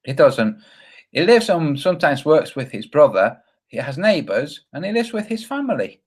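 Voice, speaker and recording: Male commentator, calm and hesitant, very animated pitch. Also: slightly rough. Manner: measured, hesitant with many fillers. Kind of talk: reaction commentary.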